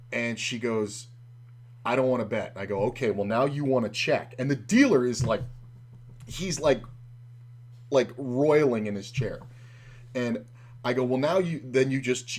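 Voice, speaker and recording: A man in his forties hosting a podcast, telling a story in a casual, profane, animated way and acting out the dialogue. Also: medium pitch. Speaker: podcast host.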